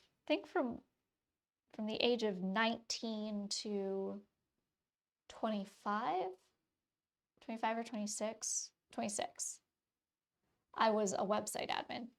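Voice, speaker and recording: A woman's voice: medium pitch, steady tone, slow pace, vocal fry, long pauses. A woman in her thirties with a faint Wisconsin accent, chatting casually with her stream audience while drawing, rambling with lots of fillers. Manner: rambling, many fillers and restarts.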